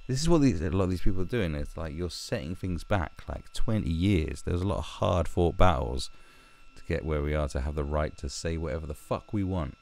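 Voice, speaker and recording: A man's voice: deep voice, lively intonation, brisk, darkish tone. A man giving rambling, sweary commentary and often restarting his sentences. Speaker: YouTube commentator. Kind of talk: ranting commentary.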